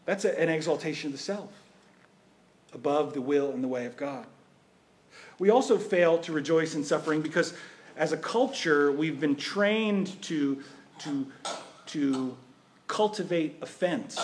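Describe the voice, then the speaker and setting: Higher-voiced man preaching conversationally. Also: unhurried, long pauses, slight background noise. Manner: conversational, asks rhetorical questions. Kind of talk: sermon.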